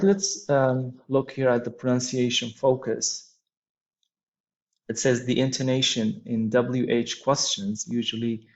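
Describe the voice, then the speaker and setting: A man's voice: mid-range voice, dull audio. A man teaching English, explaining words and phrases patiently and repeating them, with frequent fillers. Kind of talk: slow explanatory lesson.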